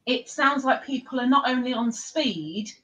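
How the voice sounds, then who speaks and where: A woman chatting on a live stream, rapid and excitable, often talking over the others on her computer mic. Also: high-pitched, rough recording. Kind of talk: casual live-stream chat.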